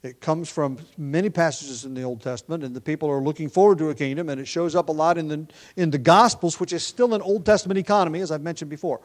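Slightly high-voiced pastor preaching. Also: male voice, fast talker, few pauses. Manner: thoughtful, with frequent fillers and restarts; prays in a hushed, quieter voice. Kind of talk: sermon.

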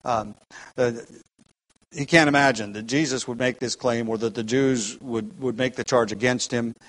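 A man's voice: medium pitch, steady tone, moderate pace, fairly bright tone, poor audio. A man teaching the Bible, explaining at length and thinking aloud with frequent restarts.

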